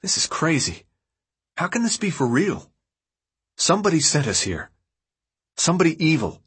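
A man's voice: a little high, very animated, moderate pace, fairly bright tone, husky, voice pushed up, full character voice. A man voicing a confused, curious teenage boy in an audiobook reading, asking one earnest question after another.

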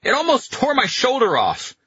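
A male narrator voicing a rough, hot-tempered male gunner who yells angrily. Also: extremely high pitch, huge pitch swings, normal speed, no room sound, highs cut off, voice pushed up, heavily acted. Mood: angry. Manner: yelling angrily.

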